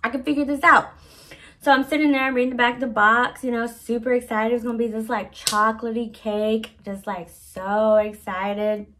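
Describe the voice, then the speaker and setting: A woman with a somewhat high voice spins a casual story to her viewers. Her talk is slangy and laid-back, and she pokes fun at herself as she goes. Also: little pitch movement, moderate pace, hardly any pauses, fairly bright tone. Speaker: vlogger.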